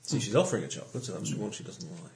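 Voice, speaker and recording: Man, joking player, pitch that jumps around a lot. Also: big pitch swings, vocal fry, a little mellow. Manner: joking, quick to laugh. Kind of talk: tabletop role-play chat.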